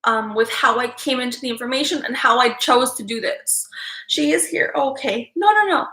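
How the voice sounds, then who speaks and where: A woman's voice: sits high, moderate pace, pushed and bright, echoey room. A woman psychic tarot reader talking to her livestream viewers, fighting back tears and repeating herself as she halts between phrases. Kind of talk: emotional livestream talk to viewers.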